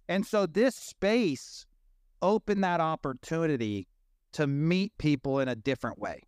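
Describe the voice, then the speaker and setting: A man's voice: fairly high pitch, animated, measured pace, smooth, no room sound, studio quality. A man in his thirties hosting a casual audio chat, telling stories animatedly and swearing freely. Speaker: host.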